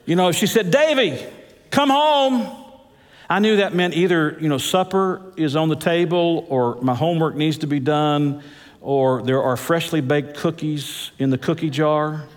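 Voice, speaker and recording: A man preaches a sermon with a somewhat high voice. He drags out key words and leaps up and down in pitch to drive points home. A long reverb from the large hall trails behind him. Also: fairly even intonation, moderate pace. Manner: preaching with big swings of pitch, stretched words for emphasis. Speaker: pastor. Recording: echoey church hall.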